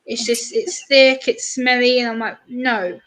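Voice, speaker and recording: A woman's voice: fairly high pitch, flat delivery, low-quality recording. A British woman chatting casually on a livestream, acting out short exchanges with her viewers. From Britain. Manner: chatty, acts out what others said in quick bright voices. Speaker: livestream host.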